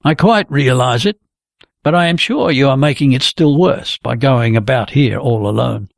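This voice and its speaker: A man's voice: mid-range voice, normal speed, vocal fry, dry recording, studio quality, close to an everyday voice. A man voicing a hearty, chatty young man who speaks bluntly and cheerfully in a novel reading. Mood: coaxing.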